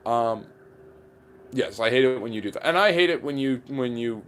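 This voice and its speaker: A man's voice: mid-range voice, lively intonation, moderate pace, fairly bright tone, clear, resonant tone. A man hosting a livestream Q&A about history, giving blunt opinions as he answers viewer questions. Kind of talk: livestream Q&A chat.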